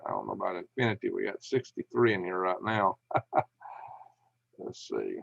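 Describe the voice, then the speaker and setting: Gravelly folksy man hosting a livestream. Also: low voice, big pitch swings, unhurried, no room sound. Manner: folksy, chuckling, reads comments out and replies. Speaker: livestream host. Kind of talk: casual livestream chat, reading viewer comments aloud. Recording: dull lo-fi dry sound.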